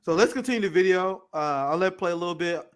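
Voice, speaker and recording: High-pitched, heated male ranter. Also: fast talker. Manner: heated, profane, animated ranting. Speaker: political commentary host. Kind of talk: livestream reaction commentary.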